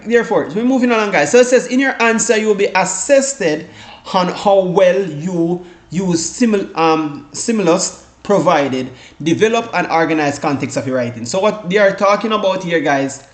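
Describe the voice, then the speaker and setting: A man from the Caribbean giving a casual exam-prep lesson, rambling with many restarts and fillers, often saying "guys" and "all right". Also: high voice. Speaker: exam tutor. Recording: echoey room.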